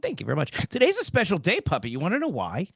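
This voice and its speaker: A man's voice: high-pitched, huge pitch swings, racing, vocal fry, husky, dry recording, clean studio sound. A man in his forties hosting a comedic talk show, joking and rambling. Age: 40s.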